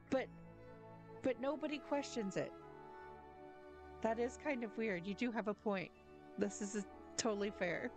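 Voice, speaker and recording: A woman's voice: on the high side, unhurried, long pauses, music in the background. A woman streamer giving casual, giggly, chatty commentary while playing a game.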